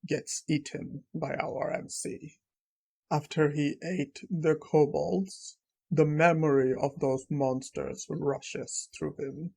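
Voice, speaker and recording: Male recap narrator, casual storytelling, unhurried, slow pace, husky tone. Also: fairly high pitch, a little mellow. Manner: plain, unhurried retelling.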